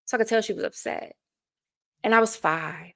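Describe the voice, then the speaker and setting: Woman in her 40s, coach on an interview, super gravelly fry voice, tells stories earnestly. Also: mid-range voice, normal speed. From United States. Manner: earnest, storytelling, laughs between thoughts. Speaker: life coach, guest. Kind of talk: casual interview conversation.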